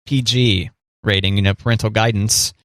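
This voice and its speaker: A man's voice: on the low side, fairly even intonation, normal speed, a bit bright, dry recording, studio quality. A man co-hosting a podcast, chatting casually and cracking playful jokes. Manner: joking, playful. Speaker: podcast co-host. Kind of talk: casual chat.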